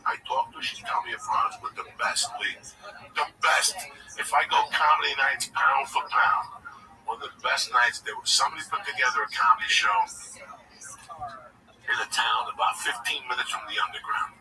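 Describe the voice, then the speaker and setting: A man, a comedian, telling a rambling, profane story in casual chat. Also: mid-range voice. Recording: distant mic with background noise.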